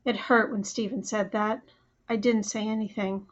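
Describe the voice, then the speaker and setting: A woman narrating a first-person audiobook in a plain, steady storytelling manner, on a dull lo-fi recording. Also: mid-range voice, normal speed.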